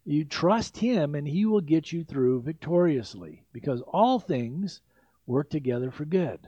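A man preaching a sermon as pastor, with emphatic swells and drawn-out phrases. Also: fairly high pitch, big pitch swings, mellow, breathy edge, dry recording. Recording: dull lo-fi sound.

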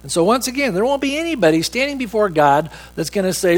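A man preaching a sermon as a pastor, emphatic and quoting scripture in a slower voice. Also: high-pitched, very animated.

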